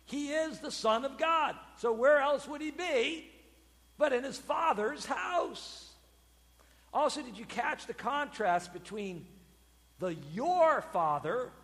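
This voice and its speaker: A man, a pastor, preaching a sermon with expressive delivery, acting out quoted voices with sudden loud bursts. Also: very high voice, a little slow, big-room sound.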